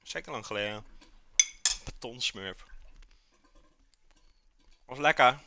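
A man's voice: medium pitch, lively intonation, measured pace, heavy background noise. A man with a Dutch accent from the Netherlands, hosting a live cooking stream, chatting with viewers while eating, sometimes with his mouth full. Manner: chatty, reads out and answers chat while eating.

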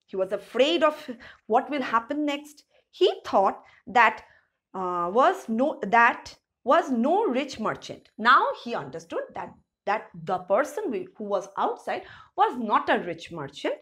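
A woman's voice: fairly high pitch, fairly bright tone. A woman teacher reading a children's story aloud and then retelling each sentence in simpler words, with questions to the class. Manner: asks rhetorical questions to the class. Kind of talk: storybook lesson explanation.

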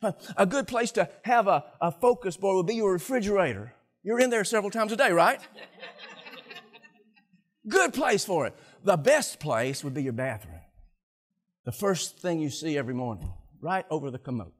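Older male pastor preaching, husky and animated. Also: high voice, normal speed. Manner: animated, laughing, talking to the congregation. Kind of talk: sermon.

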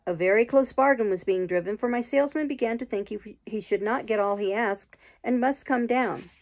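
A woman reading a classic novel aloud in slow, measured storybook narration. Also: fairly high pitch. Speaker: audiobook reader.

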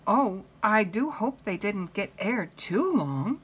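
A woman's voice: medium pitch, big pitch swings, slow pace, husky, pitched above the performer's own voice, exaggerated voice. A woman voicing a cheerful, literal-minded housemaid in a storybook read-aloud, chirpy and eager to please.

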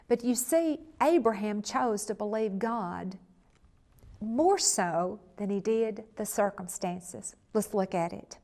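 A woman's voice: medium pitch, a little slow. A middle-aged woman, preaching a sermon and counseling from her own life, telling stories earnestly and acting out the quotes. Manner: earnest, lively storytelling, acts out quotes. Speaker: minister and counselor. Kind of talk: sermon teaching.

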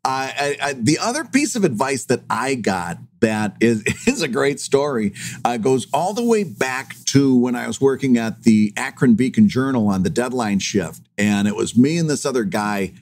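A man in his fifties co-hosting a podcast, telling an old story with self-mocking humor and lively retelling of past conversations. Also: mid-range voice, normal speed, slight background noise. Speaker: podcast co-host. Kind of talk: casual chat, storytelling.

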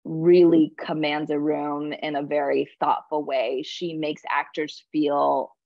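A woman's voice: sits low, slow pace, gravelly, no room sound. Chatty woman actress on a lo-fi call. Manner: animated storytelling, acts out quotes, many "like"s. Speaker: guest actress. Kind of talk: casual interview chat.

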